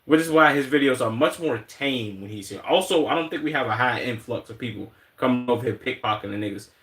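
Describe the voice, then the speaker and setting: A man's voice: medium pitch, fast talker. Profane man in his twenties. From Chicago, United States. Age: 20s. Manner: animated, profane, acts out quotes in put-on voices. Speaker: streamer reacting to videos. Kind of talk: casual livestream commentary. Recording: roomy echo.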